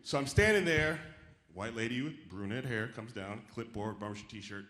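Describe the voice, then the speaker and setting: A man performing a stand-up comedy set on stage, animated and acting out the voices of the people in his stories. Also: mid-range voice, moderate pace, echoey room. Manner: animated, acts out quoted voices. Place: theater stage before a live audience.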